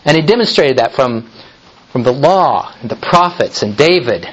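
A man preaching a sermon in an emphatic, deliberate way, often restarting his phrases. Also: medium pitch, animated, breathy edge, highs cut off.

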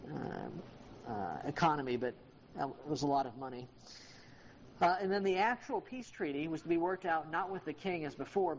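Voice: medium pitch, slight background noise. Lecturer with ums, dull lo-fi recording. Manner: conversational, frequent ums and uhs, addresses class members by name. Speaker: history teacher. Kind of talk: informal classroom lecture.

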